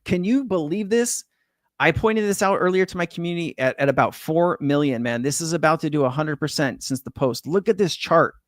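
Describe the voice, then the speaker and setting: A man's voice: a little high, fairly quick, dry recording. Laid-back middle-aged man, dry close sound. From California. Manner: laid-back slang-heavy, swears, says man and bro. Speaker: crypto livestream host. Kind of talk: casual livestream chat reading viewer comments. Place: home in Hawaii.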